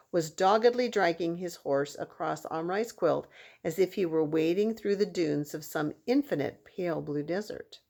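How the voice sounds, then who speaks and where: Expressive children's book reader, woman, lower-pitched voice. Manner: expressive storytelling. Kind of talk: reading a children's novel aloud.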